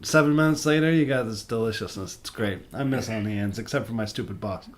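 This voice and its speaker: A young man in casual podcast chat who laughs often and tells stories in an animated way, with some swearing. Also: lowish voice, fast talker.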